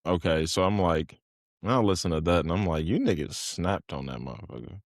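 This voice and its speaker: Male podcast host, very deep voice, easy slangy talk, dry close recording. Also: expressive, brisk, no room sound. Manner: laid-back, slangy. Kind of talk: casual podcast interview.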